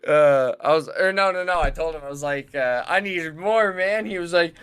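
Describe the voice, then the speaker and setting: A young man co-hosting a casual podcast, telling animated stories, acting out quotes and swearing freely. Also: fairly high pitch, fairly quick, clear, resonant tone. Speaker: podcast co-host and streamer. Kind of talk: casual chat.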